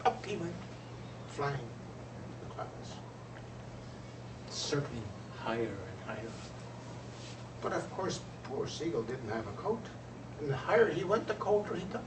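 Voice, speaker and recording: A man telling a traditional folk tale aloud in an expressive storyteller's manner. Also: on the high side, measured pace, pauses often, heavy background noise. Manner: expressive, lively voices for characters. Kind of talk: oral storytelling. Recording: roomy, distant, faint ambience.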